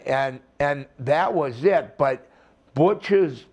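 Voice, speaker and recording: Older man, unhurried drawl, rambling, salty storyteller, acts out the voices. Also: medium pitch. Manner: slow, rambling storytelling with profanity and acted-out quotes. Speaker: retired wrestler, interview guest. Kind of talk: storytelling shoot interview.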